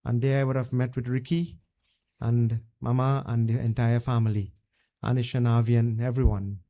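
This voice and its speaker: A man's voice: mid-range voice, little pitch movement, moderate pace, warm tone. Trinidadian man preaching at a funeral. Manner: conversational, plain, story-driven preaching. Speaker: Hindu pundit leading a funeral. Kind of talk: funeral eulogy and religious storytelling.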